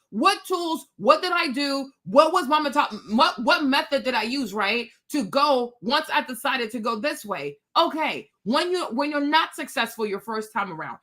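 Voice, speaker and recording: Woman live streamer, high voice, bright tone, blunt opinionated chat. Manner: blunt, opinionated, talks straight to viewers. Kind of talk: casual live stream commentary.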